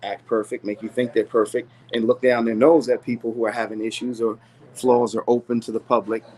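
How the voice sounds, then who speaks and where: Male interview guest, earnest storyteller, even middle voice. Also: mid-range voice, fairly quick, poor audio. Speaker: rapper's manager, interview guest. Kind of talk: candid interview conversation.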